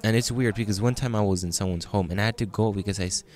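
A man's voice: on the low side, quick pace, darkish tone. A man preaching a sermon in a conversational way, reading scripture and telling everyday stories. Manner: conversational preaching, restarts, reads scripture aloud. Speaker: pastor.

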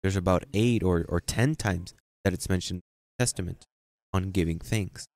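A man preaching a sermon, repeating phrases for emphasis and reading scripture slowly. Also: sits low, darkish tone, no echo. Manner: reads scripture slowly and deliberately. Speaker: pastor.

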